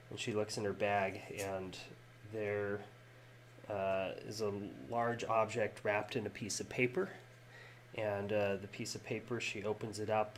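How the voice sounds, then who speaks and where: Low-voiced male game master, hesitant narration. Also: slight background noise. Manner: hesitant, many fillers and restarts.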